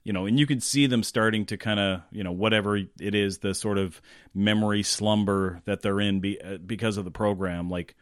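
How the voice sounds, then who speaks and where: A man's voice: lowish voice, steady tone, normal speed, clear, resonant tone, no echo, clean studio sound. A man co-hosting a casual movie podcast in an easygoing, rambling way, full of fillers. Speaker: podcast co-host. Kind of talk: casual movie commentary chat.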